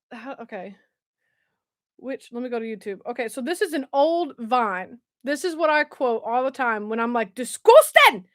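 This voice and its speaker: Chatty high-voiced woman. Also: a little slow, pauses often, no echo, clean studio sound. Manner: chatty, laughs often, reads viewer comments aloud. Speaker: livestream host. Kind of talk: casual live chat.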